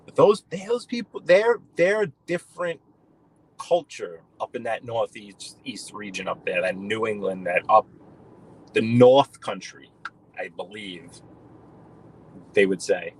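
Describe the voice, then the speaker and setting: A man's voice: fairly low pitch, lively intonation, measured pace, breathy edge, low-quality recording. Chatty New man talking while driving. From New York. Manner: rambling, chatty, addresses viewers by name. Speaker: live-stream host. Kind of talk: casual chat while driving. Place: in a car.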